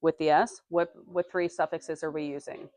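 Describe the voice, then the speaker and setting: Teacher woman with a low, dry voice. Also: level tone, darkish tone, dry recording. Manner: reads aloud slowly, quizzes students. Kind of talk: classroom reading lesson. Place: classroom.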